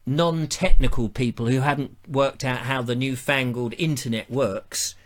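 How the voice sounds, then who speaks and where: A man's voice: mid-range voice, moderate pace. A man hosting a live online show, chatting casually and reading out viewer comments in a rambling, self-mocking way.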